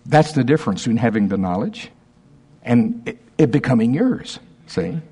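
A male pastor preaching a sermon, reading quotations slowly and emphatically with asides to the congregation. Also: mid-range voice, animated, warm tone, breathy edge.

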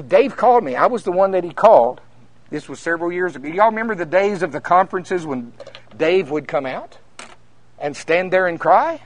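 A minister preaching at a conference, telling folksy stories that climb to emphatic peaks. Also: male voice, high-pitched. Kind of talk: conference sermon.

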